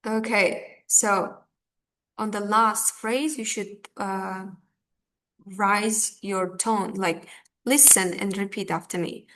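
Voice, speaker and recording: Woman teacher, unhurried, patient, filler words. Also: mid-range voice, fairly even intonation, fairly bright tone. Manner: slow, patient, with fillers and restarts. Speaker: English teacher. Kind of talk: online language lesson.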